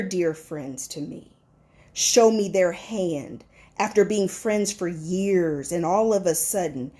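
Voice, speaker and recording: A woman's voice: medium pitch, warm tone. A middle-aged woman, a life coach hosting her own show, talking bluntly and animatedly in casual slang as she acts out the voices of friends. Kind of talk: motivational monologue.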